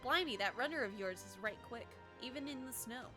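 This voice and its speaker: A woman's voice: high voice, lively intonation, a little fast. A woman voicing a cheerful male companion who uses British slang, trying an accent she can't quite manage, over game music. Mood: impressed.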